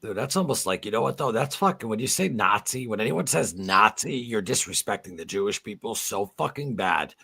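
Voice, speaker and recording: Male host, gravelly husky voice, foul-mouthed heated rants, casual livestream talk. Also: lively intonation, fairly quick, hardly any pauses, sharp tone. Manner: profane, heated rants, voice climbing high when angry. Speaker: podcast host.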